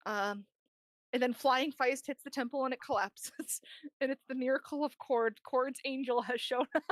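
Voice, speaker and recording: A woman's voice: high voice, steady tone, dry recording. A woman game master recapping the last sessions of a tabletop game, rambling and laughing as she quotes the players. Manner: laughing, rambling, quoting players in quick asides.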